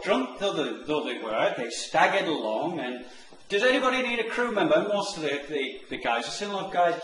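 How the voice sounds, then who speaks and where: A man telling a long comic anecdote, animated and acting out the characters' lines. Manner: animated, acts out the characters' lines in higher voices. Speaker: online marketing presenter. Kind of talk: storytelling anecdote. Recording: echoey room with faint noise.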